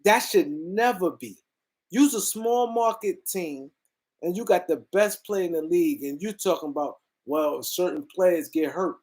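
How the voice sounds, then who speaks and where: High-voiced man ranting about sports. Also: moderate pace, darkish tone. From US East Coast. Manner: emphatic, repetitive and rambling. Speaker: host. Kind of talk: casual sports commentary rant.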